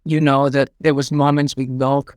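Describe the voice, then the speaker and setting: A man's voice: mid-range voice, level tone, normal speed, a little mellow, clean tone, no room sound. A middle-aged man with a Spanish accent, answering interview questions in an effusive, rambling way with many fillers. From Spain. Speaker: artistic director and choreographer.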